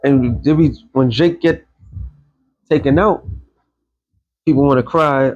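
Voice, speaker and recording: Husky man preaching a blunt commentary. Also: mid-range voice, a little slow, long pauses, a little mellow, highs cut off. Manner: rambling, blunt, quotes scripture. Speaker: online video host. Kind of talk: casual religious commentary.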